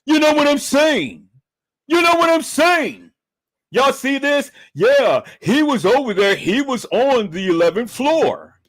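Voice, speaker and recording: A man's voice: extremely high pitch, sing-song, measured pace, fairly bright tone, voice pushed up, heavily acted. A man mimicking another grown man who dodges questions, in a taunting, repetitive way. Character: whiny mocked grown man dodging questions.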